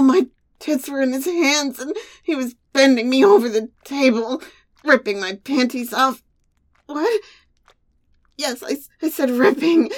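Very high-pitched breathless woman. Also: lively intonation, unhurried. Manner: breathless, moaning, teasing. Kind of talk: erotic audio role-play.

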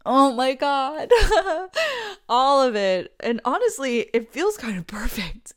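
A woman's voice: fairly high pitch, no echo, studio quality. A woman playing a tearful pregnant best friend. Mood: tender. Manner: emotional, stammering, laughs through tears. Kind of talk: audio role-play addressed to listener.

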